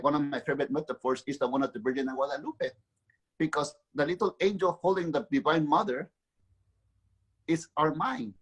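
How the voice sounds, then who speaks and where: A man's voice: on the high side, slightly rough, low-quality recording. A man, an author and guest, telling a spiritual story earnestly and repeating words as he builds his thoughts.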